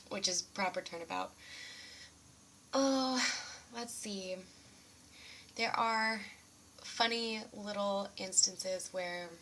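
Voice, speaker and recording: A woman's voice: on the low side, bright, forceful tone, slight background noise. A young woman in her twenties, rambling casually in a vlog from her dorm room, self-deprecating and sarcastic, laughing often. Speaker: student vlogger.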